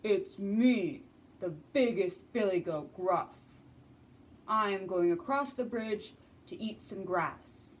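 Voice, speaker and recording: Big bold billy goat voiced by a woman, loud, steady, low-ish, distant mic. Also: takes it slowly, close to an everyday voice. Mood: confident. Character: biggest billy goat, large male, bold.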